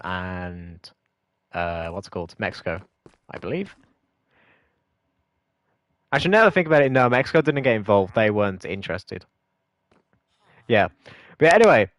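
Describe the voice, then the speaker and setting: A man's voice: mid-range voice, dry recording. A British man streaming a game, chatting casually with viewers in rambling, hesitant explanations that often correct themselves. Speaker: gaming streamer.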